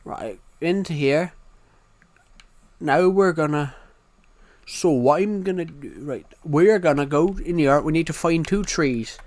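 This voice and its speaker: Young british guy streaming, kinda high voice, keeps repeating what he's gonna do. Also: measured pace, a little mellow. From United Kingdom. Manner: rambling, repeats himself, narrates each move. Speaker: game streamer. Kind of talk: live gameplay commentary.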